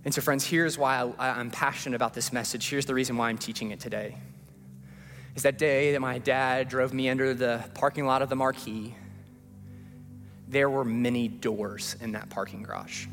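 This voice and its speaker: A man preaching a sermon as a pastor in a church, swinging from hushed pleading to rising, repeated refrains. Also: mid-range voice, fairly even intonation, normal speed. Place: church sanctuary. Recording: long hall reverb with faint music.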